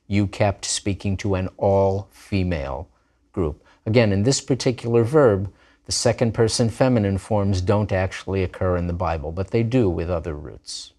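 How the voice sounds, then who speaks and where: A man with a lowish voice teaches a grammar lesson at an unhurried, deliberate pace. He drills each form patiently and repeats examples so students can follow. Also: a little mellow. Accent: Israeli Hebrew pronunciation of Hebrew words. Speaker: language teacher.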